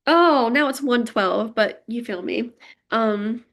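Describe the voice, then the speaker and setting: A woman's voice: on the high side, lively intonation, takes it slowly, fairly bright tone. Emotional young woman reading tarot. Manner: emotional, gushing, talks straight to viewers. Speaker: tarot reader. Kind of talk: pick-a-card tarot reading.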